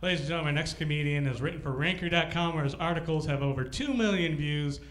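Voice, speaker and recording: A man's voice: on the high side, fairly bright tone. Upbeat male emcee in a roomy club. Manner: upbeat, quick banter between acts. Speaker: host. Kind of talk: emcee introducing comedians. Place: comedy club stage. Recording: roomy club with music behind.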